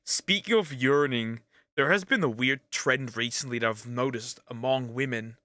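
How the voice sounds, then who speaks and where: A man's voice: mid-range voice, moderate pace, music in the background. A man hosting a reaction stream, tossing out amused, laughing comments on clips. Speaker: vtuber host reacting to clips.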